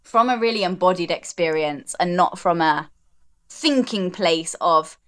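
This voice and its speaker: A woman coach speaking as a podcast guest in relaxed conversation, reflective and earnest, often repeating words for emphasis. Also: fairly low pitch, unhurried, clean tone.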